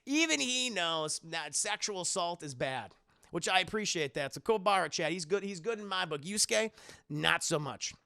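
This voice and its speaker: A male streamer tears through a casual, swear-filled recap of an anime episode, joking and laughing as he goes. His voice sits high and bright with a gravelly fry. The talk is excitable and loose. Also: normal speed. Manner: excitable, jokey, swears often, laughs a lot. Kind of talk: casual profane recap with acted-out quotes. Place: streaming setup at home.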